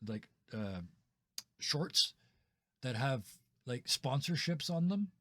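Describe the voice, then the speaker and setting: A man running a tabletop game as game master, describing scenes in a relaxed, chuckling way with many fillers. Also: mid-range voice, slow, no room sound. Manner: laid-back, chuckling, filler-heavy.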